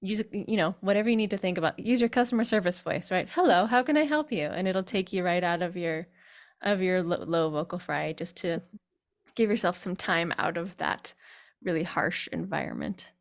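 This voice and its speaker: A woman's voice: lowish voice, steady tone, normal speed. A woman vocal coach giving a chatty online group singing lesson, breaking into sung demonstrations.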